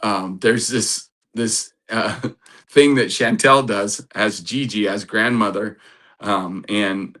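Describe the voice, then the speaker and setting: A man's voice: fairly low pitch, slow, pushed and bright. A middle-aged man, a relationship coach, giving an earnest, rambling motivational talk with restarts and chuckles.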